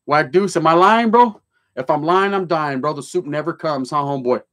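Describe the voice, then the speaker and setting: On a casual livestream, a streetwise host reads viewer comments aloud in a high, slightly bright voice at a moderate pace. His talk is heavy with swearing and slang mixed with Spanish, and he tells stories bluntly, joking at first before turning serious.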